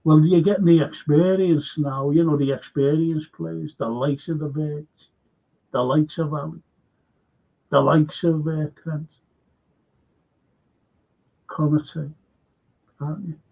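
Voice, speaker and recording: Husky liverpool guy hosting a live chat, reading comments out slow, kinda dull lo-fi sound. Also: fairly high pitch, fairly even intonation. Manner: chatty, reading out viewer comments. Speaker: fan channel host. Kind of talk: casual live-stream chat.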